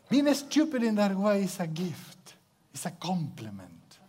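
A man preaching in a fairly high voice that rises and falls with great liveliness. He climbs to loud, excited peaks, then sinks to hushed near-whispers. Playful sound effects lighten his sermon. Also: a little hiss or hum. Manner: acts out sounds with playful onomatopoeia.

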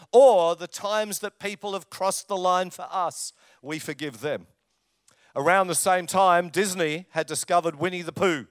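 English-raised older pastor, storytelling sermon, clear smooth voice, dry close sound. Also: male voice, high voice, no echo. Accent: English, lives in Australia. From England. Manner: humorous storytelling, jokes with audience. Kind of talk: sermon with personal anecdotes.

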